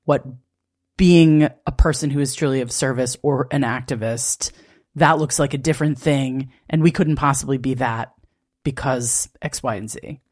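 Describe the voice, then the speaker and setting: A woman with a low-pitched voice hosts a conversational interview. She listens closely, offering brief affirmations and asking reflective questions. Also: normal speed, a little mellow. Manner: attentive listener, short affirmations. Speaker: podcast host.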